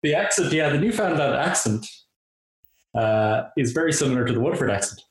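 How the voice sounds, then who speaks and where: A man's voice: mid-range voice, expressive, fairly quick. Irish man hosting in an echoey room. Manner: rambling, many restarts, friendly. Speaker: host. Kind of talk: casual interview chat. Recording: roomy echoey audio.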